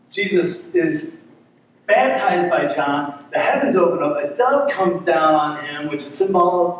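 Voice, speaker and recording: A man's voice: on the high side, a little hiss or hum. A male pastor giving an earnest, conversational sermon, often repeating words as he goes. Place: church sanctuary. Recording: echoey church sanctuary, mic at a distance.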